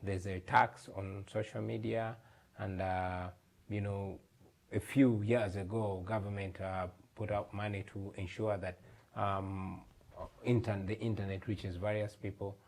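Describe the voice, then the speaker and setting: Earnest Ugandan man with a gravelly voice. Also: lowish voice, level tone, a little slow, a little mellow. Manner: earnest, emphatic, repeats words. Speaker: guest, musician. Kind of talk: TV interview. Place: TV studio.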